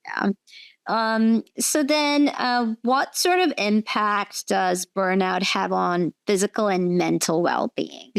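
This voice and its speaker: A woman's voice: medium pitch, slow, vocal fry, clean tone, no room sound. A woman physician hosting an interview, agreeable and chatty, with lots of "yeah" and "you know". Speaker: host, physician. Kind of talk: conversational interview.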